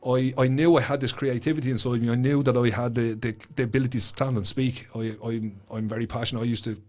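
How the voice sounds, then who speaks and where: As a guest on a chat podcast, a middle-aged Irish man tells his story fervently, swearing freely and repeating words as his emotions mount. He speaks fast in a medium-pitched, slightly mellow voice with fairly even intonation.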